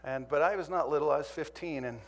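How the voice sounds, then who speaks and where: A man's voice: on the high side, quick pace. A man from Montana preaching a sermon, telling a humorous personal story that turns earnest. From Montana, USA.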